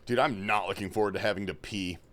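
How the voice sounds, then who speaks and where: A man's voice: fairly low pitch, steady tone, fast talker, fairly bright tone. A young man from Australia hosting a casual gaming livestream, reading chat questions aloud and answering loosely with plenty of swearing. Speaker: livestream host. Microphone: headphones and desk mic.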